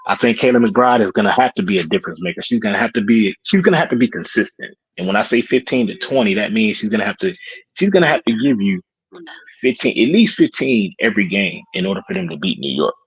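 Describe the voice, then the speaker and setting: A man's voice: lowish voice, animated, fast talker, husky, dull audio. A man giving his final thoughts on a sports panel, hesitant with many fillers. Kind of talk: casual sports talk.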